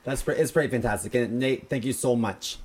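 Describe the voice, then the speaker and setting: A man's voice: medium pitch, brisk, a little mellow. A young man co-hosting a comedy podcast, teasing his partner in playful casual chat. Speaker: podcast co-host.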